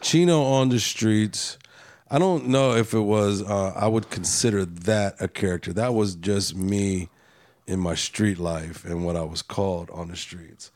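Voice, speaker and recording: A man with a very deep voice chats as a guest at a roundtable. He is laid-back and jokes often. The recording is dry and close. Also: measured pace, a little mellow, dry recording. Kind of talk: casual roundtable discussion.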